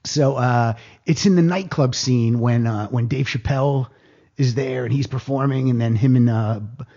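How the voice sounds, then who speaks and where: A man telling a casual anecdote on a podcast, animated, jumping higher in pitch when he quotes people. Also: moderate pace, muffled recording. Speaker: guest storyteller.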